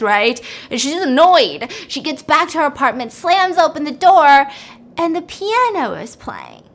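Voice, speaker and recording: A woman host casually and animatedly retelling a film plot, amused and chatty, with plenty of fillers. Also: fairly high pitch. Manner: lively, amused, conversational with fillers.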